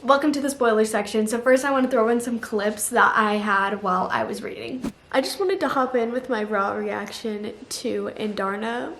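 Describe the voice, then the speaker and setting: A woman's voice: fairly high pitch, normal speed, gravelly, a bit bright, a little hiss or hum. Chatty young woman reviewing books. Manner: chatty, emotional, frequent "like" fillers. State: tearful, on the verge of crying. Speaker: book reviewer. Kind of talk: casual book review vlog.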